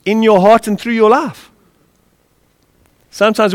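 A man preaching a sermon, impassioned and lively, with chuckles as he tells stories. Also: high voice, moderate pace, pauses often. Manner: impassioned, with a lively rise and fall; chuckles while telling stories. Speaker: pastor. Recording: long reverb of a large hall.

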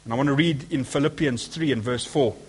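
A man's voice: medium pitch, a little fast, a little mellow, slightly rough. A man preaching a sermon, speaking emphatically and asking his listeners rhetorical questions.

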